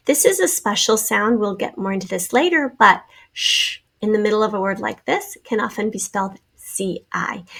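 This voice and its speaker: For a class video, a woman teacher with a medium-pitched, creaky, fairly bright voice gives young pupils a spelling lesson, patiently sounding out letters and syllables.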